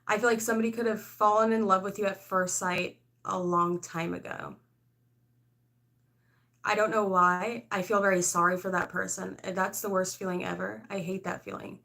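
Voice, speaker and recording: A woman talks her way through a tarot reading in a loose, rambling way, her voice at an ordinary middle pitch. She hedges constantly with "like" and "I don't know", and her frank asides come with laughter. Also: creaky, bright, forceful tone. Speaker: tarot reader. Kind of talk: casual tarot reading to camera.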